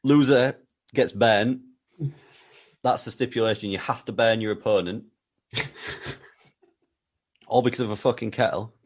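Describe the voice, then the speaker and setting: A man co-hosting a podcast, building an absurd story with a deadpan, playful delivery. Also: medium pitch, measured pace, pauses often. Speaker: podcast co-host. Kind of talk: comedic storytelling chat.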